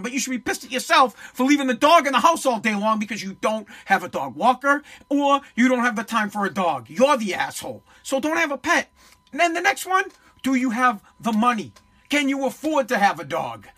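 A man from Boston hosts a solo podcast in a blunt, sneering rant full of curses. His voice is pitched very high for a man and has a bright, sharp edge. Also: lively intonation, moderate pace. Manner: blunt, mocking, profane. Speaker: podcast host. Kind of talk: ranting solo podcast commentary.

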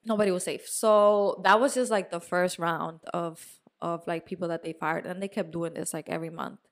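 A young woman co-hosting a podcast, telling a story in a casual, animated way, now and then swearing and dropping in Spanish words. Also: on the low side, normal speed. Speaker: podcast co-host. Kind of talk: casual chat.

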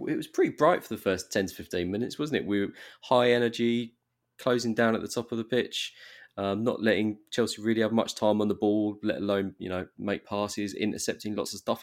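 Guy hosting a footy podcast, lowish voice, chatty, asks the panel stuff. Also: a little fast. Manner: chatty, leads the discussion with questions. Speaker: podcast host. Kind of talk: casual football podcast chat.

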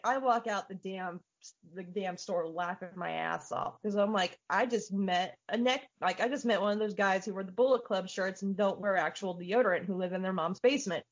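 A woman co-hosting a podcast, casually chatting and telling animated stories with frequent swearing. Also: medium pitch, normal speed. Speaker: podcast co-host. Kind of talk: casual chat. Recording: dull lo-fi audio.

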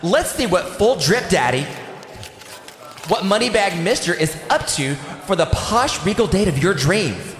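An actor playing a theatrical, showy auctioneer and emcee in an audio drama. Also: male voice, high voice, sing-song, a little slow, fairly bright tone, echoey room, in a large hall, exaggerated voice. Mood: announcing. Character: flamboyant male auctioneer and emcee.

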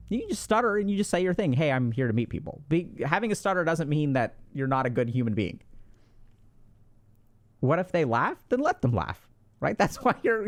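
A young man giving advice on a podcast, chatty and loose, full of filler words. His voice sits fairly high for a man and swings widely in pitch as he acts out quoted lines. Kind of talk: casual advice talk.

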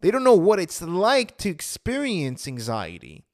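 Man in an emotional storytelling monologue, slightly higher voice, dry close recording. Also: wildly swooping pitch, a little slow, no room sound. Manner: earnest, emotional, acts out his past thoughts with "I'm like". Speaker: vlogger sharing his personal story.

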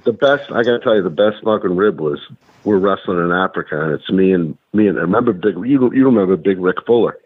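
A man's voice: low voice, fast talker, no echo. A man, a guest and former pro wrestler, telling rambling, profane stories in casual chat with lots of restarts. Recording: tinny phone-like line, dry.

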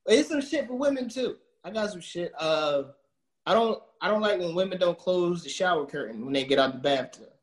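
A man's voice: sits high, lively intonation, a little fast, reverberant. A man as a podcast guest, ranting about pet peeves with lots of swearing. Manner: ranting and swearing, with repeated filler words. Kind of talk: casual chat.

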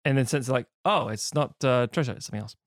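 A man's voice: medium pitch, fast talker, dry recording. Jokey male podcast co-host, dry sound. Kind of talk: casual chat, reading out a film pitch.

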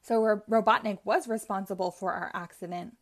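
Older uncle, inventor, fatherly, firm, woman storyteller voicing him, mid pitch. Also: steady tone, brisk, lightly acted. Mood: kindly.

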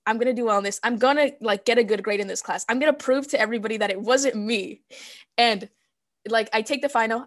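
A young woman, a podcast guest, telling a personal story in casual chat and acting out what she said back then. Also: fairly high pitch. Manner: animated storyteller acting out her own past dialogue.

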